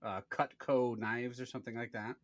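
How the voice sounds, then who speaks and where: A man in his thirties, co-hosting a casual podcast, telling a story with lively acted-out quotes and plenty of swearing. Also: mid-range voice, normal speed, no room sound. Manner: animated storyteller, acts out quoted people, swears freely. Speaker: podcast co-host.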